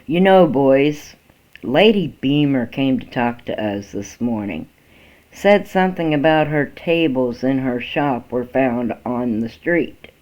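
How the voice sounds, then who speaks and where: A man voicing a stern older father figure who scolds in a measured way, heard on a dull lo-fi recording. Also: mid-range voice, darkish tone, close to an everyday voice. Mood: dry warning.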